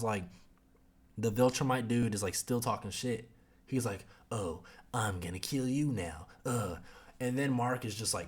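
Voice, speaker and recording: A young man hosting a podcast, chatting casually about a show in a rambling, profane way full of fillers. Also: medium pitch. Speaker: podcast host. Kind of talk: casual review chat.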